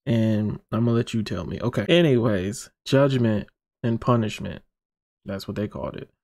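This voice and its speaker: Gravelly, rambling man reacting to music. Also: fairly low pitch, darkish tone. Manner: rambling, profane, joking with viewers. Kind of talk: casual reaction commentary.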